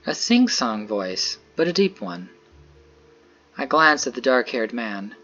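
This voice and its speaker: A man's voice: medium pitch, big pitch swings, takes it slowly, sharp tone, muffled recording, soft background music. A man narrating a dramatic visual novel in the first person, earnest and tense.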